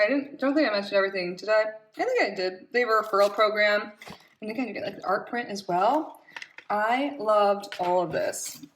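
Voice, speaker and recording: A woman's voice: medium pitch, a little hiss or hum, rough recording. A woman doing a casual unboxing vlog, bubbly and gushing, with frequent giggles, in a small room at home. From Florida. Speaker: unboxing vlogger.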